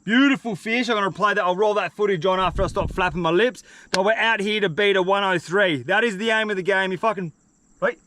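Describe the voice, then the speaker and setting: A young man with an Australian accent, vlogging his fishing trip outdoors in the bush, excitable and slangy. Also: high voice, a little fast. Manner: excitable, slangy, swears freely. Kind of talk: outdoor vlog talking to camera.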